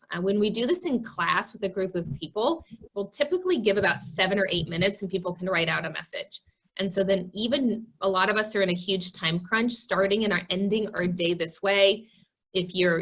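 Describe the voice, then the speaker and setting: A woman's voice: medium pitch, fairly bright tone, rough recording. A woman giving a leadership training webinar, earnest, with frequent "um"s. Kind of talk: webinar presentation.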